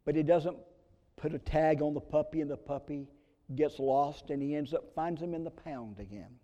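A man preaching a sermon as pastor, swinging between loud emphasis and hushed whispers. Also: fairly high pitch, moderate pace, lo-fi sound. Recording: long reverb of a large hall.

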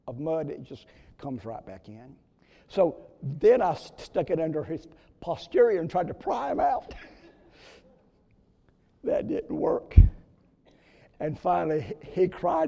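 A man preaching a sermon, telling a story in an earnest way with sudden loud rises. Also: a little high, vocal fry. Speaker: pastor. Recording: long reverb of a church hall.

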